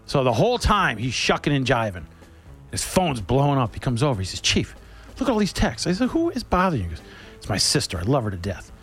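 A man's voice: medium pitch, quick pace, soft background music. A man on the radio, telling a rambling funny story in a casual chat style, joking and laughing as he goes. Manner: animated, laughing, jokey storyteller.

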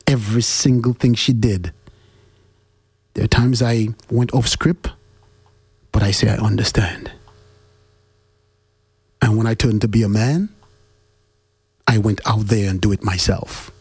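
A man giving a heartfelt motivational monologue to his listeners, preachy and repetitive, with his pitch jumping up to stress his questions. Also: fairly even intonation, unhurried, pauses often, a little mellow, slightly rough, no room sound. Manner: preachy, repeats questions, swings pitch up for emphasis.

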